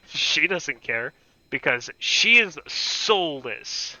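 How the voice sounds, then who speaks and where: A man with a very bright, clear voice, pitched a bit high, rambles through a story while gaming and keeps breaking into chuckles. The dry sound is a little dull and lo-fi. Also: lively intonation, takes it slowly, dry recording. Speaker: gaming streamer. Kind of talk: casual anecdote while gaming.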